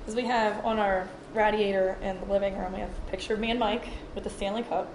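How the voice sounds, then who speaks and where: A woman's voice: medium pitch, fairly even intonation, quick pace. A woman speaks casually about her young son, chatty and amused. Her voice sits in an echoey room with background noise. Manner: chatty, laughs while telling. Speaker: mother. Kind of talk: casual storytelling.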